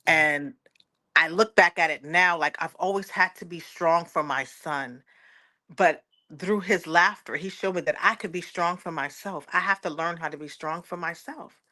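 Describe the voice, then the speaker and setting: Earnest woman, low and bright. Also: moderate pace. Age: 40s. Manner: earnest, repeats words, quotes others aloud. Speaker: guest. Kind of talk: emotional personal testimony.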